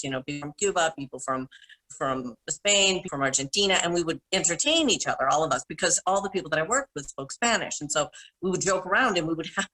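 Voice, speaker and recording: A middle-aged woman with a bright, forceful voice that sits a little low. She tells long, animated stories as a panel guest, often correcting herself mid-sentence. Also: low-quality recording. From Minnesota. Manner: rambling, self-correcting, animated anecdotes. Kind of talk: casual storytelling.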